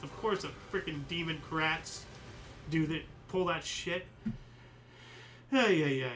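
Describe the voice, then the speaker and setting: A man's voice: fairly high pitch, a little slow, long pauses, pushed and bright, low-quality recording. A man hosting a daily history livestream in casual chat. He reads out dates and adds rambling, joking asides with mild swearing. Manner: punches out each year before the entry. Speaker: host of a daily history stream.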